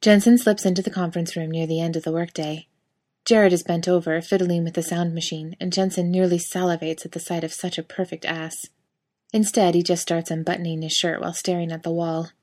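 A woman narrating a fiction audiobook in a slightly low voice. She reads in an even, steady way, keeping a calm storytelling pace. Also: a little fast.

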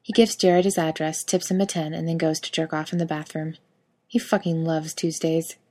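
A woman narrating a fiction audiobook in an even, steady storytelling manner. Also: low-pitched, normal speed.

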